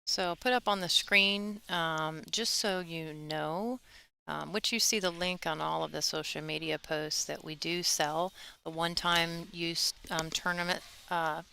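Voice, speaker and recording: A woman's voice: fairly low pitch, steady tone, unhurried, creaky, pushed and bright, smooth. A woman commentating a live pool tournament stream in a chatty, casual way, laughing easily and plugging the stream. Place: tournament venue.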